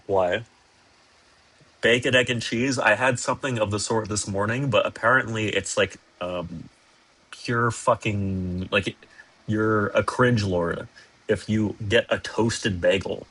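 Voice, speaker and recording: A man's voice: lowish voice, slow pace, fairly bright tone, breathy edge. A young man streaming from a hotel room, chatting casually and reading out viewer messages in a rambling, sarcastic, self-deprecating way with lots of swearing.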